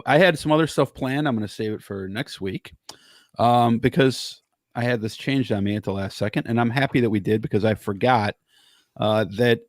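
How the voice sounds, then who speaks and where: A man with a mid-range voice hosts a casual podcast. He hesitates often, stringing his thoughts together with "uh" and "um". The recording is dry, with no room echo. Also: medium pitch. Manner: hesitant, full of filler words. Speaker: podcast host.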